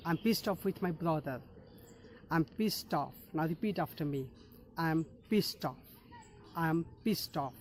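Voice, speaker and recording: A man teaching an English lesson, speaking slowly and deliberately and modeling phrases for learners to repeat. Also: on the high side, slight background noise.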